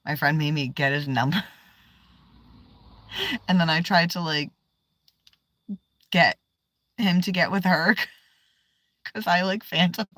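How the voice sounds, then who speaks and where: Woman tarot streamer, casual, slow and loose, cusses, slips into whispers, dry close sound. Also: on the low side, a bit bright, no room sound. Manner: swears freely, trails off, drops to whispers. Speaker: tarot livestreamer. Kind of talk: casual live-stream chat.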